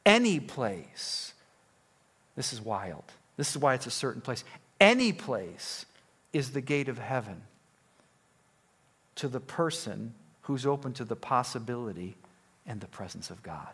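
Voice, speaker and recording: A male pastor preaching a sermon, acting out Bible dialogue in quoted voices and swinging from loud, raised lines to hushed ones. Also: medium pitch, big pitch swings, a little slow, long pauses, breathy edge.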